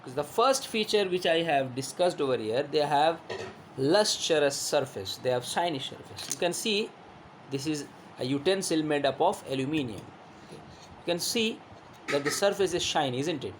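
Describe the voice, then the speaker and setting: A man's voice: fairly high pitch, lively intonation, normal speed, slight background noise. A male teacher giving a classroom lesson, who repeats himself, asks rhetorical questions and shows objects while explaining.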